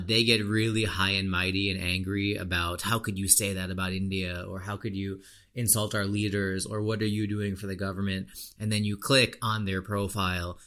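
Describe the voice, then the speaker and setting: Forceful ranting man, podcast host. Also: sits low. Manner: animated, frustrated, heavy use of fillers. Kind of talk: casual opinion rant.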